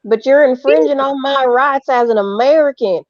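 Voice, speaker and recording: A woman's voice: high voice, moderate pace, dry recording, natural voice. A woman voicing an indignant, blustering anti-mask American woman in a mocking put-on. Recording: dull lo-fi sound.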